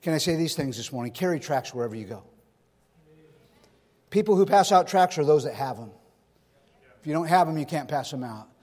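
A man from California preaches to a church crowd, his voice sitting high and carrying a long hall echo. He moves between homely stories and pointed rhetorical questions. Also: expressive, brisk, long pauses, a little mellow. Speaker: pastor. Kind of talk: sermon.

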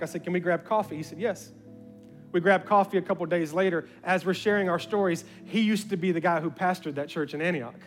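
A male pastor telling a story from the pulpit in an animated way, acting out conversations with bursts of excitement. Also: sits high. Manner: animated, acts out dialogue with rising excitement. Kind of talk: sermon storytelling.

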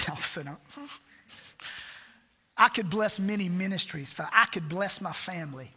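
Man preaching, high voice, bright tone, earnest rhetorical questions, church hall reverb. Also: normal speed, slightly rough. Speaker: pastor. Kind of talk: sermon. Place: church sanctuary.

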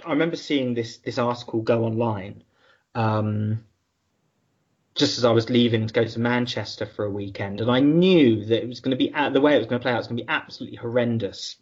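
A man guesting on a podcast, recounting past events in a reflective, measured way. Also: medium pitch, husky. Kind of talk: conversational recollection. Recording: dull, lo-fi sound.

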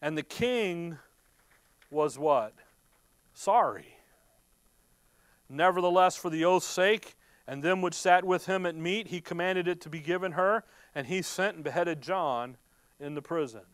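On a dry recording, an unhurried preacher with a highish male voice goes verse by verse through the Bible, stopping for explanation. He raises rhetorical questions, supplies his own answers, and repeats the starts of words when his emotions rise.

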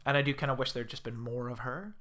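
A man's voice: medium pitch, quick pace, sharp tone. A man chatting casually about a film as a podcast co-host, laughing often. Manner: chatty, laughs often, slips into mock Scottish pub voices. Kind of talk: casual film review chat.

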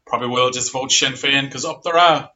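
A man's voice: medium pitch, brisk, sharp tone. An Irish man co-hosting a casual, laughing chat show, loose and swearing freely. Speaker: podcast co-host. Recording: dull lo-fi sound.

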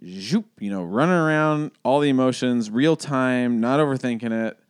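A man's voice: mid-range voice, moderate pace, smooth, no echo, clean studio sound. A man in his thirties co-hosting a podcast, talking casually and reflectively with many restarts. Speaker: podcast co-host.

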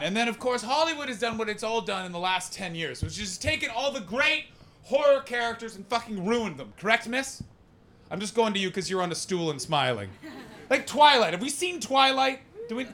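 Brash, high-voiced American comedian. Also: male voice, very animated, a little fast. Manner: brash, profane, shifts from mumbling asides to loud rants. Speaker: stand-up comedian. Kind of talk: stand-up with crowd work. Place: comedy club.

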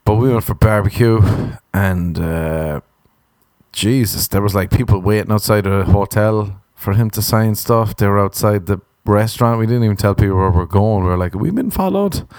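A low-voiced Irish man spins a comic story in a sardonic, deadpan way, with plenty of swearing. The sound is dry and close. He talks like a comedian chatting casually. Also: normal speed, no echo. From Ireland. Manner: sardonic, profane, deadpan understatement.

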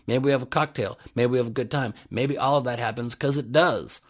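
Male podcast host, mid-pitch, dry jokey delivery, comedic news rundown. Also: a little fast. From United States. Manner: sarcastic, jokey riffing on the news.

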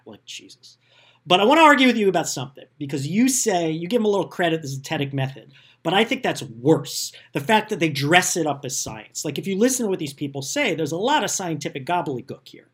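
A man's voice: on the high side, a bit bright, husky. A man hosting a podcast, talking in a casual, sarcastic and self-deprecating way about politics. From United States. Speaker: podcast host.

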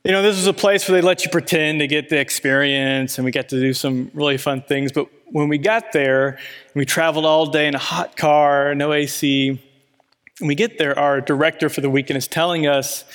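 Man, preacher, sermon, slightly high voice, chatty storytelling, "you know" fillers, long hall reverb. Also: steady tone, moderate pace.

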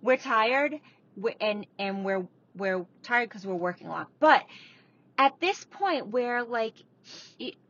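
A woman's voice: a little high, expressive, slow, a bit bright. A woman co-hosting a podcast from inside a parked car, chatting bluntly and casually with a bit of swearing. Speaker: podcast co-host, salon owner. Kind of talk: casual chat. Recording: dull lo-fi sound, faint background noise.

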